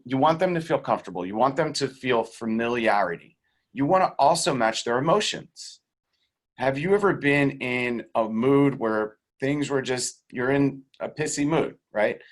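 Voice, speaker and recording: A man being interviewed as a sales coach, teaching in a casual, animated way and acting out the voices of the people in his stories. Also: medium pitch, moderate pace. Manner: animated storyteller who acts out quoted voices; swears casually and laughs between points. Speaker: guest real estate sales coach.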